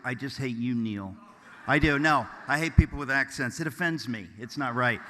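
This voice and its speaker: A man giving a speech to a live audience, mixing deadpan mock-offensive jokes with earnest, rambling remarks. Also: mid-range voice, normal speed, a little hiss or hum. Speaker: keynote speaker. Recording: long hall reverb.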